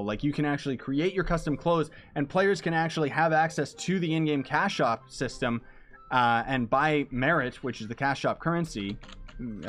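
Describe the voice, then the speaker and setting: A man's voice: medium pitch, a bit bright. A man chatting casually to his viewers while he plays a game live, loose and rambling, with a lot of slang. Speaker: streamer. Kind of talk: casual live-stream chat while gaming.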